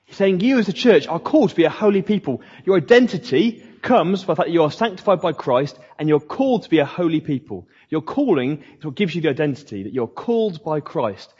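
A pastor preaches in a chatty, conversational way, slipping into mocking asides. His voice sits fairly high and a bit husky. The sound is dull and lo-fi, with a long echo from the church hall. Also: big pitch swings, fairly quick, hardly any pauses, darkish tone. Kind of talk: sermon.

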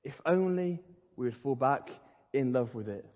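A man's voice: mid-range voice, expressive, normal speed. A man preaching as a Baptist pastor, earnest and conversational. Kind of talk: sermon. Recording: dull lo-fi sound in a reverberant hall.

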